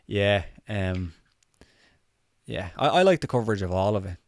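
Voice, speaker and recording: A man's voice: lowish voice, expressive, normal speed, no room sound, studio quality. A man with a slight cold co-hosting a casual live chat, loose and sweary, laughing often. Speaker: podcast co-host.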